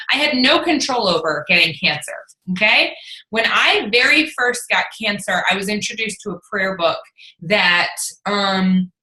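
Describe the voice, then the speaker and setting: A woman fitness coach chatting casually, telling stories in an animated way and swearing freely. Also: medium pitch, roomy sound, rough recording. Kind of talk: casual chat recapping an event.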